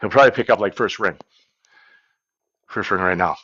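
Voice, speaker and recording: A man's voice: fairly low pitch, normal speed, fairly bright tone, slight background noise. A man in a comedic livestream, rambling and boasting to his viewers, talking into a phone held at arm's length. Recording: dull lo-fi phone stream.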